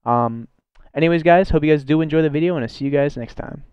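Brief: young male gaming host, smooth clear voice, dry and slightly dull home mic. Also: on the high side, fast talker, no echo. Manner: upbeat, rambling how-to chatter. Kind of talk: casual video intro.

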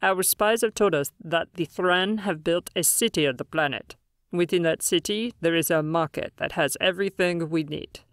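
A woman voicing a tall, solemn female alien leader who speaks slowly and formally in an audiobook. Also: on the low side, no room sound, clean studio sound, close to an everyday voice. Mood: grave. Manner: slow, grave and formal. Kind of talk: audiobook character voice.

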